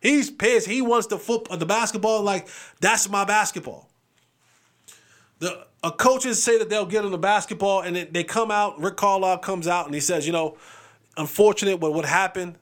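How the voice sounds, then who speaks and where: A young adult man hosting a casual sports podcast, joking, animated and restarting his sentences often. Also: sits high, fairly quick. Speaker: podcast host.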